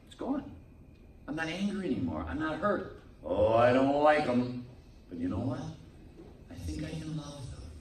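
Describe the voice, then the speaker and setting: A priest preaches with a lively, swooping delivery and a fairly high voice. He sounds set back from the mic, and the room around him echoes, with a faint hum underneath. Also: distant mic. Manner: lively preaching, acts out quoted people. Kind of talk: sermon. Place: meeting room.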